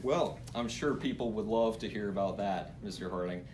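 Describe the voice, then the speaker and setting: A young man playing a fawning, flattering cabinet secretary in an amateur comedy skit, gushing and breaking into laughter. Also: on the low side, moderate pace, echoey room, distant mic, lightly acted. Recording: noisy amateur recording.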